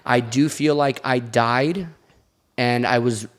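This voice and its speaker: Male podcast guest, mid-pitch, open and confessional storyteller. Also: fairly even intonation, takes it slowly. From Latin American background. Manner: candid storytelling. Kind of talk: casual podcast chat.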